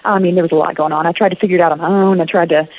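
A woman's voice: fairly low pitch, steady tone, very fast. A young adult woman with a Southern US accent, speaking as a guest author in a radio interview, earnest and reflective with many fillers and restarts. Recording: phone-line audio.

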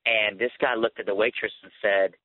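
Guy on a phone line telling his story, earnest, kinda low voice, dry tinny sound. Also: brisk, no echo. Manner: earnest, animated, many fillers and restarts. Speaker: guest. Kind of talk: personal testimony storytelling.

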